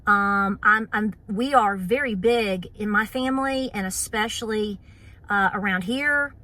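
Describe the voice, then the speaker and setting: Bright-voiced Appalachian woman chatting. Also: medium pitch, unhurried. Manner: chatty, many fillers, playful mock voices. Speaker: homestead channel host. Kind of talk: casual chat to camera.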